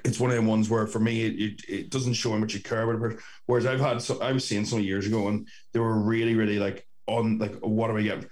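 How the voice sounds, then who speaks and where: A man's voice: lowish voice, flat delivery, quick pace, hardly any pauses, a little mellow. A young Northern Irish man co-hosting a podcast over a video call, rambling and swearing in casual chat. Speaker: podcast co-host. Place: sister's bedroom at home.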